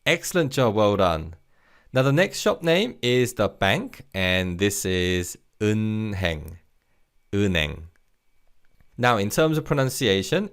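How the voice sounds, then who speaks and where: A man teaching a recorded language lesson, patient and encouraging, modeling each word clearly for learners to repeat. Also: on the low side.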